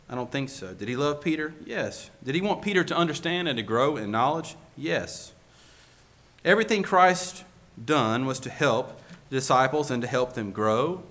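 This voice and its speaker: A man's voice: on the high side, fairly bright tone. A male preacher giving a sermon, asking the congregation one rhetorical question after another.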